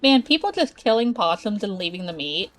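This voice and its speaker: A woman from the States, chatting casually with her live-stream chat while gaming. She talks slowly and laughs often. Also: medium pitch, sing-song, fairly bright tone. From Southern United States.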